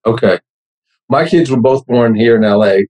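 A man's voice: mid-range voice, normal speed, a little mellow, low-quality recording. A man in his sixties with a New York accent, a podcast guest telling wry, self-deprecating stories. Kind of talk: casual interview chat.

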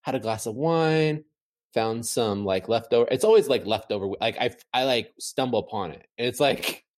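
A man chatting casually from home, telling an animated, rambling story full of fillers. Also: mid-range voice, moderate pace. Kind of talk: casual chat.

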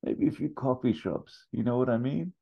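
A man voicing a dying old male duck tycoon who croaks his words and loves puns. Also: mid-range voice, animated, moderate pace, muffled recording, pitched above the performer's own voice. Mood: wheedling.

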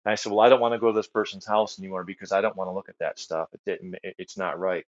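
A man's voice: low-pitched, flat delivery, very fast, dry recording. Earnest middle-aged man telling his testimony. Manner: earnest storyteller, repeats phrases, many fillers and restarts. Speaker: guest ministry leader. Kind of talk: personal testimony in a podcast chat. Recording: dry, slightly dull podcast audio.

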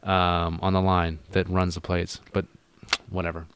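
A man's voice: low voice, monotone, unhurried, noisy background. A man in casual chat, telling a rambling, sweary story and acting out what people said. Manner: rambling storyteller, swears a lot, acts out quotes.

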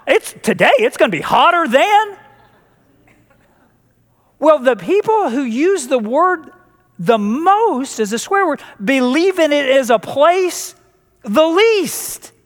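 High-voiced preacher in a reverberant hall. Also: male voice, fairly bright tone. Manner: jokey, with repeated words and restarts. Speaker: pastor. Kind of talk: sermon.

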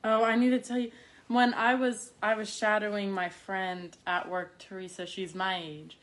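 A young woman chatting casually beside her mother, her stories wandering and padded with "like" and "um". Her voice sits at an ordinary pitch with an everyday tone. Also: flat delivery, normal speed. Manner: rambling, full of fillers like "like". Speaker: daughter and co-host. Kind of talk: casual chat.

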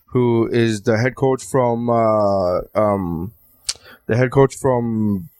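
A man with a Miami accent, hosting a podcast, telling a profane, animated story and acting out the dialogue. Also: medium pitch, very slow, clear, resonant tone, no room sound. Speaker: podcast host. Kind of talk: casual chat, storytelling.

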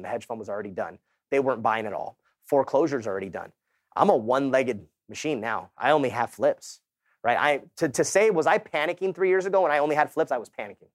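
On a conference stage, a middle-aged keynote speaker with a medium-pitched voice gives a motivational talk. He tells his story casually, quoting dialogue and making asides to the audience, in clean studio sound with no echo.

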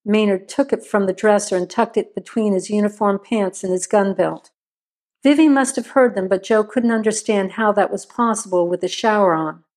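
A woman's voice: medium pitch, moderate pace, a little mellow. Woman narrating a crime story.

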